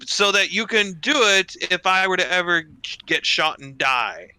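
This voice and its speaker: Male player as a practical dwarf smith woman: animated, bright, crisp. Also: high-pitched, moderate pace, no echo, pitched above the performer's own voice, exaggerated voice. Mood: blunt. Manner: blunt, animated.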